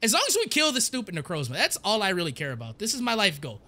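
A young man giving casual, rambling gameplay commentary, excitable and stammering as he repeats words. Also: high-pitched, fast. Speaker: gaming YouTuber.

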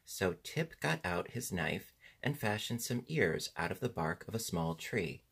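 A man narrating a children's storybook in a steady, measured reading. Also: sits low, vocal fry, husky. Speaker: audiobook narrator.

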